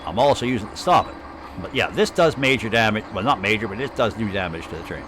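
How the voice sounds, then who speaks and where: A man's voice: on the low side, expressive, quick pace, noisy background. A man from Canada with an Ottawa Valley accent, rambling and chatting casually as he streams live gameplay commentary. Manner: rambling, chatty, thinking aloud.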